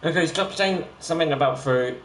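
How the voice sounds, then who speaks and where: A man streaming a game, rambling and halting with many fillers as he plays. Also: a little high. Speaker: gaming streamer. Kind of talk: casual gameplay commentary. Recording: roomy echo with loud ambient noise.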